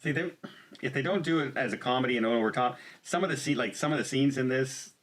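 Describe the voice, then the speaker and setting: A man's voice: medium pitch, fast talker, fairly bright tone. A man co-hosting a casual movie review chat, rambling with plenty of fillers and frequent laughs. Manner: rambling, laughs often, lots of "like". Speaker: podcast co-host.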